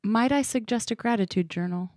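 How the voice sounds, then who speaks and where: A woman's voice: on the high side, brisk, a little mellow, no echo. Female co-host, wry teasing banter, dry close mic. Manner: wry, teasing, storytelling with asides. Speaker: podcast co-host. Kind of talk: casual chat.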